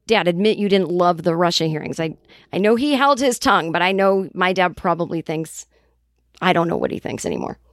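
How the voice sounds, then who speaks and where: With a mid-range voice, this podcast host spins a lighthearted, funny story, animatedly performing the voices of the people she quotes. The recording is studio quality and free of echo.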